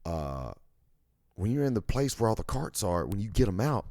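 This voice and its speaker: A man's voice: fairly low pitch, big pitch swings, moderate pace, a little mellow, dry recording, studio quality. A young American man hosting a podcast alone, rambling and ranting with heavy profanity. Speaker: podcast host. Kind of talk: casual solo monologue.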